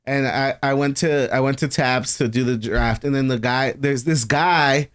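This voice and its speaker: A man's voice: medium pitch, steady tone, normal speed, fairly bright tone, clean tone. A young adult man from California, co-hosting a podcast and telling stories in loose, profane, filler-heavy banter. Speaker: podcast co-host.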